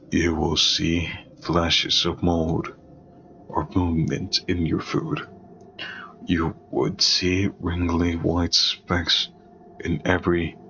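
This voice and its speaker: A man narrating a second-person horror story in a slow, deliberate, ominous way. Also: low-pitched, sharp tone, highs cut off, a little hiss or hum.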